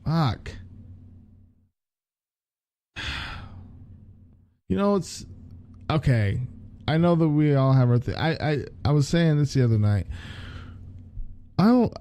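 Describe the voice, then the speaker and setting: Reading a horror story on his podcast, this man often halts to restart lines and remark casually on the text. His voice is fairly high, mellow, and sing-song, slow-paced with frequent pauses, and there's no room sound.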